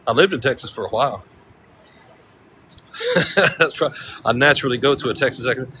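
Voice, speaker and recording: A man's voice: medium pitch, a little fast, bright, forceful tone, a little hiss or hum, poor audio. A man from Central California chatting casually on a walking livestream, rambling and joking with a chuckle, out on city streets.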